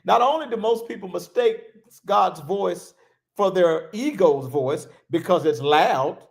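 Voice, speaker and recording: A man preaching a sermon as a bishop, animated and laughing, repeating key phrases for emphasis. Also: high voice, unhurried, gravelly. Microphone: livestream.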